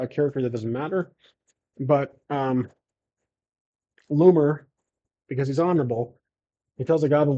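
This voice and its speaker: A man's voice: mid-range voice, mellow, dull audio. A man narrating a solo tabletop game casually, with many fillers and self-corrections as he rolls dice and talks through the story.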